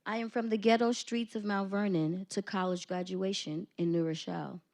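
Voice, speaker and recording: A woman's voice: mid-range voice, steady tone, normal speed, a little mellow. Woman reciting an emphatic rhythmic poem. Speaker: teacher presenting student poets. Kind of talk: poetry reading and meeting remarks. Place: school board meeting room.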